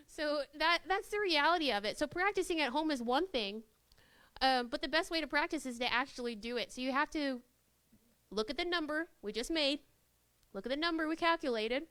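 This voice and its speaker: A high-pitched young woman gives a live workshop talk to students. She is animated and playful and slips into quoted voices to act out scenes. Her voice sounds close and dry, with almost no room echo. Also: moderate pace. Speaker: workshop presenter. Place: university classroom.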